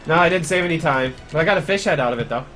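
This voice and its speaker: A man's voice: on the high side, expressive, very fast, bright, forceful tone, faint music behind. A man giving casual live commentary on his speedrun, chatty and grumbling about mistakes. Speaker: speedrunner streamer.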